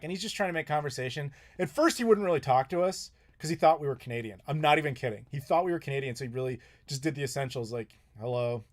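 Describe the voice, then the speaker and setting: An American man hosting a live Q&A, telling travel stories in a casual, animated way and acting out what people said. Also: mid-range voice. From United States. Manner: animated, chatty, quotes people in his stories. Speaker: YouTuber host.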